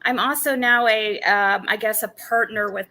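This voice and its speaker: Bright-voiced woman rambling casually. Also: medium pitch, fairly even intonation, moderate pace. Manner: rambling, hedging with fillers. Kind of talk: casual stream chat.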